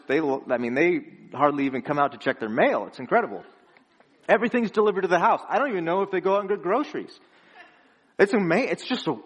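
A young man preaching from the front of his church in a fairly high voice. He tells stories in an earnest, chatty way and chuckles between his phrases. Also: a bit bright. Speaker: pastor. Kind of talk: conversational sermon.

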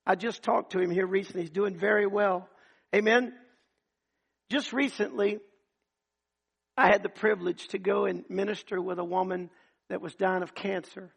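Male preacher, sermon, high voice, gravelly fry, husky tone, loud then hushed. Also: steady tone, moderate pace, pauses often. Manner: swings from loud emphatic to hushed. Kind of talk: sermon with testimony stories.

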